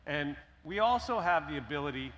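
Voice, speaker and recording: A man's voice: fairly high pitch, lively intonation, brisk, a bit bright, slight background noise. A man speaking earnestly and persuasively on a conference panel. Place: conference stage.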